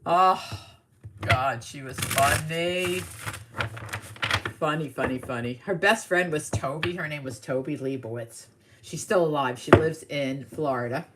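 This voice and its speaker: A middle-aged woman from the New York area, a tarot reader telling stories in a casual, animated, rambling way during a live reading. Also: low voice, measured pace, very noisy. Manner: animated, rambling storyteller with asides.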